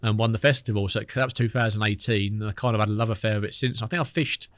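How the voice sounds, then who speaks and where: A man, a podcast guest telling lively stories in casual chat, acting out what others said. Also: on the low side, dry recording. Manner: fast, animated storytelling with quoted dialogue.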